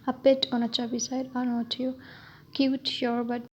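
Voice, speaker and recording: A woman's voice: fairly high pitch, flat delivery, normal speed, lightly acted. A woman voicing a catty young man who mocks and belittles, in a storytime reading. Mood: mocking. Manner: mocking, belittling. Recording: dull lo-fi with faint hiss.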